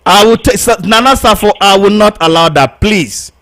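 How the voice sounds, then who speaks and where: A man's voice: high voice, lively intonation, moderate pace, fairly bright tone. A Ghanaian man hosting a live political talk show, firmly cutting in to keep a caller in line. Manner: firm, repeatedly cuts in to control a caller. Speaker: host.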